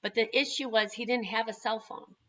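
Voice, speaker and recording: Woman, parent advocate, crisp bright tone, lively storyteller, dull lo-fi recording. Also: on the high side, a little fast. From Chicago. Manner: acts out dialogue in quotes. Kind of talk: animated storytelling.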